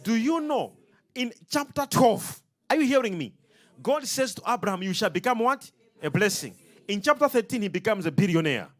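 Man, preacher, sermon, emphatic call-and-response, high pitched, very animated. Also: moderate pace, faint music behind.

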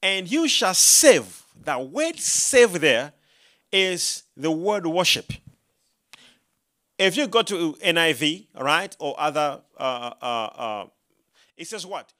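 A male preacher with a fairly high, bright voice delivers a sermon in an animated storytelling way. He swings between hushed, low asides and loud, emphatic proclamations, acting out his own prayers as he goes. His pitch moves constantly. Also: takes it slowly, long pauses. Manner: rising to loud emphatic proclamation when quoting scripture.

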